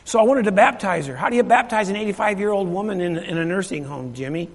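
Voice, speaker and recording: High-voiced man preaching in an echoing hall. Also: expressive, quick pace, vocal fry. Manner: emphatic, repeats phrases, questions the congregation. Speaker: pastor. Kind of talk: sermon storytelling. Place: church sanctuary. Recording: long reverb of a large hall.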